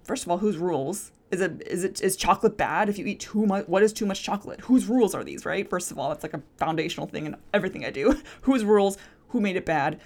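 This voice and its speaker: A woman's voice: mid-range voice, fast talker, darkish tone. A young adult woman hosting a solo podcast. She talks casually and reflectively, full of "like" fillers and rhetorical questions to herself. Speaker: podcast host.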